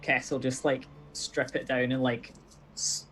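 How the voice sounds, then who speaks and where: A man's voice: mid-range voice, flat delivery, unhurried, a bit bright. A man, a player joking and describing his character's actions. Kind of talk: tabletop game chat. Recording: online call with faint music behind.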